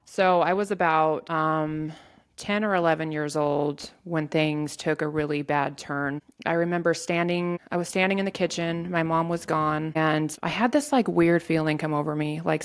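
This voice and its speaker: A woman telling a painful personal story in an interview, in a halting way with many restarts. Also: deep voice, steady tone, clear, resonant tone. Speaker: guest sharing her story.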